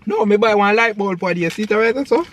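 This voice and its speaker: Carefree high-voiced man. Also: moderate pace, a little hiss or hum. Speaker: comedy sketch actor. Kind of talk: comedic sketch acting.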